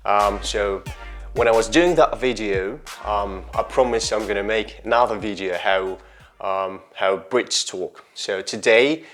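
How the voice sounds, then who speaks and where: A man with a somewhat low voice hosts an online pronunciation lesson. He talks to his viewers in a chatty, storytelling way, with faint music playing behind him. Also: a bit bright. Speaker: English pronunciation teacher. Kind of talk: online video tutorial.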